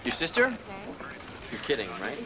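A man's voice: mid-range voice, wildly swooping pitch, moderate pace. An actor playing a teasing young male medical student who needles and mocks a colleague. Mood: mocking. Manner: needling, mocking. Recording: TV drama clip with loud hospital noise.

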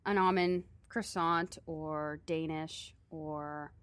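A woman's voice: sits low, fairly even intonation, slow, clear, resonant tone, dry recording. Wry teasing woman podcaster. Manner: wry, teasing, mock-dramatic. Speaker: podcast co-host. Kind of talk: casual chat.

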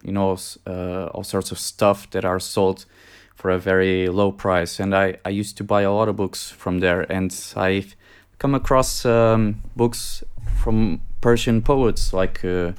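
Low, smooth-voiced man. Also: flat delivery, unhurried. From Portugal. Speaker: podcast guest. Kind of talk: casual film discussion.

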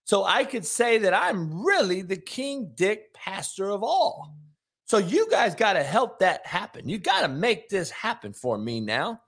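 A man's voice: very animated, measured pace, fairly bright tone, heavily acted. Man doing a greedy televangelist, raised voice, sleazy wheedling, bouncy delivery. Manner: sleazy, wheedling sales pitch. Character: greedy money-grabbing male televangelist preacher.

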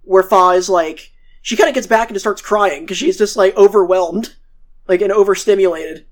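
A woman's voice: mid-range voice, normal speed. A woman co-hosting a podcast and recapping episodes in a rambling, profane, casual way. She acts out the characters she quotes. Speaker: podcast co-host.

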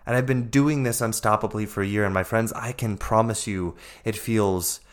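A man's voice: fairly low pitch, fairly even intonation, moderate pace. A man talking straight to his listeners in a motivational podcast monologue. His delivery is emphatic and repetitive, full of encouragement. He calls his audience his friends. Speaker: podcast host and life coach.

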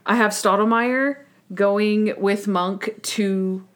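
A woman's voice: mid-range voice, fairly even intonation, slow. A woman co-hosting a podcast, casually chatting about a TV episode, laughing often and acting out lines in exaggerated voices. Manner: giggly, acts out quotes in exaggerated voices. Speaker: podcast co-host. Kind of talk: casual chat recapping a TV episode.

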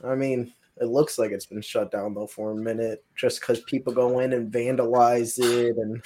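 A man's voice: mid-range voice, level tone, moderate pace, mellow, a little hiss or hum. A man, a guest paranormal investigator, telling his stories in a loose, rambling way with plenty of fillers. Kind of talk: casual storytelling.

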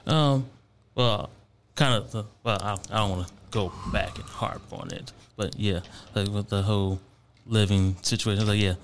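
A man's voice: fairly low pitch, steady tone, moderate pace, a little hiss or hum. A man co-hosting a podcast in casual chat, talking hesitantly with restarts and frequent laughs. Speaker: podcast co-host.

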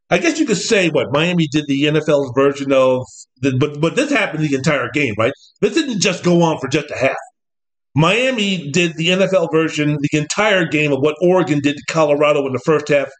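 A man hosting a casual sports talk show, rambling and animated, slipping now and then into mocking impressions of coaches. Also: medium pitch. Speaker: podcast host.

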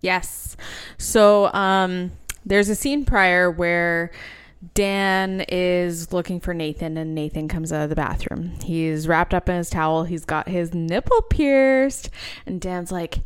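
Smooth slow-talking woman on podcast. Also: fairly low pitch. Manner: recaps scenes, quotes characters, laughs easily. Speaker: podcast co-host. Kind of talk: casual chat.

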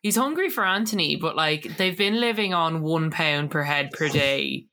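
A woman co-hosting a podcast, chatting casually and quickly about a reality show and laughing often. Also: low voice, bright, forceful tone. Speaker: podcast co-host.

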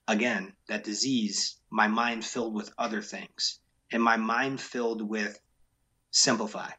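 Speaking with a fairly low pitch and sharp tone, a man who owns a business gives a casual interview. He's frank and emphatic, repeating his key points often.

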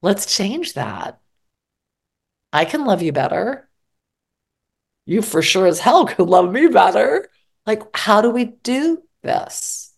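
A woman's voice: medium pitch, sing-song, takes it slowly, creaky, long pauses, husky. A middle-aged woman therapist giving candid, mildly profane relationship advice in conversation, often acting out both sides of an argument. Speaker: psychologist and therapist guest.

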